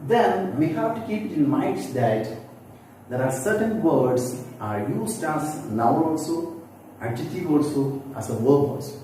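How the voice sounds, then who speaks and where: A man's voice: a little high, lively intonation, unhurried, mellow. A man teaching a lesson, patiently explaining and repeating example words aloud for practice. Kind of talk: classroom-style explanation. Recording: very echoey room, distant mic, faint background noise.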